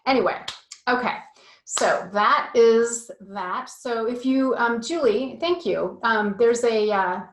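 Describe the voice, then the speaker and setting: A woman's voice: a little high, expressive, slow. Chatty woman coach in an echoey room. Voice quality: chatty, full of fillers, self-deprecating. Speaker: parent sex ed coach. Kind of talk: casual online course talk.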